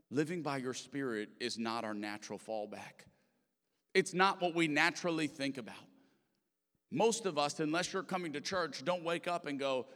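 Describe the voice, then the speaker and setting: A man preaching to a congregation, his mid-pitched voice trailing off into a long hall reverb. He keeps it chatty and jokey, full of fillers, then drops to a near hush for tender moments before punching back loud. The sound is that of a big church room. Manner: conversational and joking, with many fillers; swings between loud emphasis and hushed, soft delivery. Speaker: pastor. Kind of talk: sermon.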